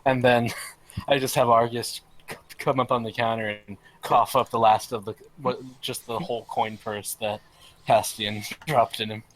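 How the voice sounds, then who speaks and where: A man as a player in a tabletop role-playing game, calmly describing what his character does. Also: mid-range voice, normal speed, rough recording. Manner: relaxed, describes his actions.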